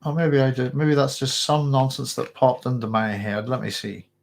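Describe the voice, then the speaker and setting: A man's voice: mid-range voice, level tone, moderate pace, vocal fry. A man hosting a live viewer Q&A stream, thinking aloud, thanking viewers and correcting himself as he goes. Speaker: host answering viewer questions.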